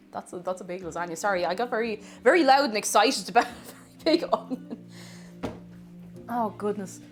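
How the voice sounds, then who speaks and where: Speaking a little fast in a mid-range voice, a woman cooks live at home with soft music playing. She's chatty, reading out the chat and excitedly welcoming viewers, and her voice occasionally drifts from the mic while she works in the kitchen.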